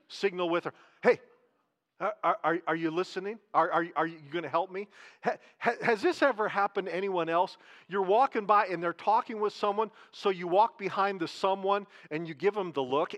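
High-voiced pastor preaching conversationally. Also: male voice, a bit bright. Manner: conversational preaching, asks the congregation questions, slows down for emphasis. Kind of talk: sermon.

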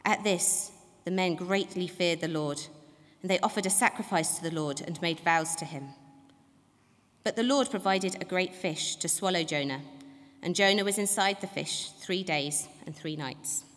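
A woman reading a Bible passage aloud in a church, measured and formal. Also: on the low side, a bit bright. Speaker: Bible reader. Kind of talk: scripture reading. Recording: long church reverb.

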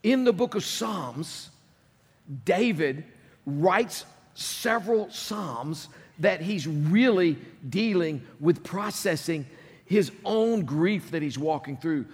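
A high-pitched male pastor delivers an animated sermon, his voice rising into loud emphasis and dropping to near-hushed phrases. The sound carries a long reverb, as from a large church sanctuary. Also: takes it slowly, breathy edge. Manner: animated preaching, swinging between loud and hushed.

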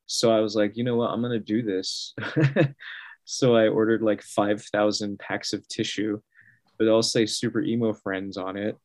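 A man chatting casually as a guest, animated and laughing often, acting out other people's reactions. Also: on the low side, normal speed, dry recording. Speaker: guest artist. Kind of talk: casual storytelling.

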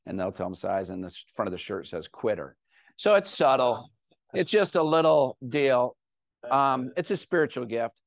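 A middle-aged man giving a talk to an audience, telling a personal story with animated, self-deprecating humor. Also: medium pitch, normal speed, creaky, no room sound, clean studio sound. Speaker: guest speaker.

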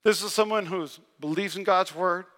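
Bright, high-voiced man preaching a sermon. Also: moderate pace. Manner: energetic storytelling with self-deprecating humor. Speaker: pastor. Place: large church hall. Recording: long reverb of a large hall.

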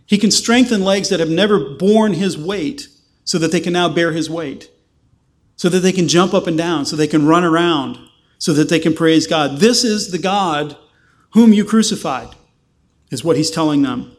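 A man's voice: fairly high pitch, moderate pace. A male pastor preaching a sermon with passion, asking rhetorical questions and acting out the voices he quotes.

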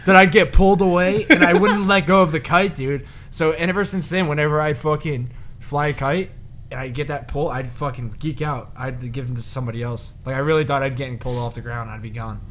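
A man's voice: a little high, steady tone, a little fast, a bit bright, a little hiss or hum. A man co-hosting a podcast, telling loose stories in casual chat and laughing often. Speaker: podcast co-host.

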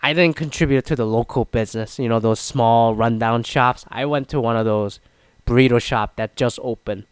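Man from Canada, mid-pitched, smooth voice; rambling casual storyteller who swears and restarts a lot. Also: normal speed, no room sound. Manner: rambling, swears often, many restarts and fillers; mimics others in higher, louder voices.

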